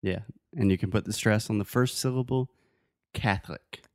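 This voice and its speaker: Low-voiced man patiently coaching pronunciation. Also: no room sound, studio quality. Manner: patient, playful, corrects pronunciation slowly. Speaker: co-host teaching English. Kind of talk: casual language-lesson chat.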